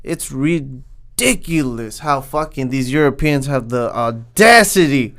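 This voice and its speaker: A man's voice: fairly high pitch, fairly bright tone, smooth. A young man from Southern California hosting a podcast, delivering a heated, swear-filled comedic rant and tagging lines with "man.". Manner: heated, swears constantly, says "man" a lot. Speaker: podcast host.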